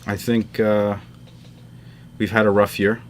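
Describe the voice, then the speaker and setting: Low-voiced rambling podcast host, a man. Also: flat delivery, slow, a little hiss or hum. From New York area. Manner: rambling, swears freely, many fillers. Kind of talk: casual chat over a call.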